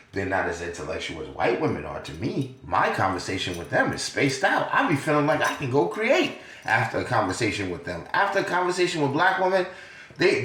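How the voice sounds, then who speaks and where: An older man talking in a casual podcast monologue, profane and animated, laughing often between points. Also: medium pitch. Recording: roomy echo.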